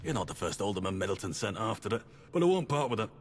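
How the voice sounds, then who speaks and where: A man's voice: fairly low pitch, sing-song, fast, a little hiss or hum. An actor with a Scottish accent playing a proud male trader who guards a prized charter in a video game. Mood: haughty.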